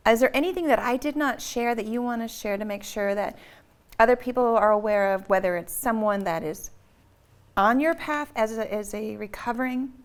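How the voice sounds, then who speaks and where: A woman's voice: fairly high pitch, moderate pace. A woman hosts a podcast interview, asking long, winding questions. She reflects at length between them in a casual, conversational way. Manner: warm-hearted, reflective, rambling questions. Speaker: podcast host.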